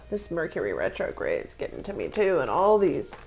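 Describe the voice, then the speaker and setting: A woman's voice: deep voice, wildly swooping pitch, a little fast, vocal fry, hardly any pauses, a little mellow. A woman giving a tarot reading, speaking with spiritual feeling and emotion, close to tears. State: tearful. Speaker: tarot reader.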